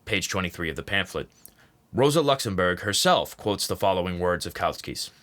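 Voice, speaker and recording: Man, audiobook reader, bright lowish voice, voices quote marks aloud. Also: normal speed. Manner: steady reading that speaks quote marks aloud. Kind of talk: read-aloud nonfiction narration.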